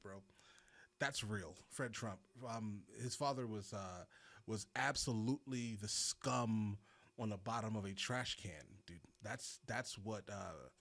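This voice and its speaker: A young man streaming casual reaction commentary, excitable and rambling, saying "bro" a lot. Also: on the low side.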